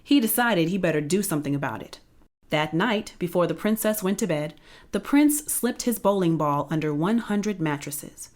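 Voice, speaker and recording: A woman's voice: on the low side, expressive, moderate pace. Playful woman reading a storybook aloud. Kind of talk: reading a children's book aloud.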